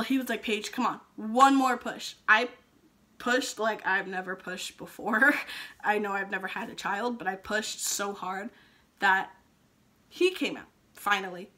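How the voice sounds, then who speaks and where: A woman's voice: medium pitch, sharp tone. A young woman vlogging, chatty and emotional as she retells her labor and delivery, with frequent ums. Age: young adult. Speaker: vlogger, new mother. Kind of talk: casual storytelling vlog.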